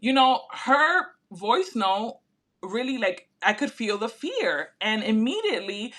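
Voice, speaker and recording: A woman telling a personal story in casual chat, animated and full of fillers. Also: a little high, unhurried. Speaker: podcast host.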